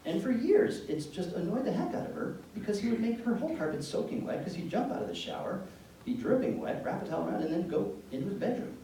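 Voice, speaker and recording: A man giving an educational talk to parents, telling anecdotes in an animated, joking way. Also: sits high, fast. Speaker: presenter speaking to parents. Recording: echoey room from far off, faint background noise.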